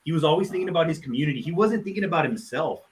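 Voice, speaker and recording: A man speaking heartfelt words in memory of a friend during a live online session, pausing often and restarting his sentences. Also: fairly high pitch, animated, rough recording. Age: adult, parent of a nine-year-old. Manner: heartfelt, halting with many restarts and fillers. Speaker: tribute speaker.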